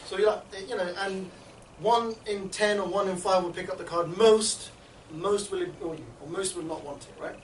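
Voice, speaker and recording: A man training a group in street outreach, talking in a rapid, chatty way and often checking in with his listeners. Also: high voice, slight background noise. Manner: rapid, chatty, keeps checking in with "yeah?" and "right?". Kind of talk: instructional group talk. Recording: echoey room, mic at a distance.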